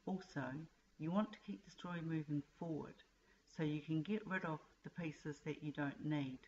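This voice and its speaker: A woman teaches writing in a plain, direct voice. Her pitch sits low for a woman. The recording is a little dull and muffled. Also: steady tone, moderate pace, a little mellow, a little hiss or hum. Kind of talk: explaining writing advice to students.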